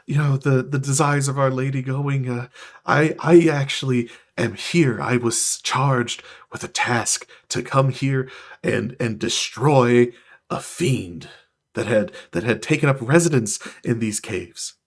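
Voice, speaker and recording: A skittish winged celestial, as a game master puts him on, stammering and jittery as he talks. His voice sits at an everyday man's pitch and keeps breaking off and restarting. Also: a little slow, natural voice. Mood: eager. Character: timid, nervous male celestial with wings.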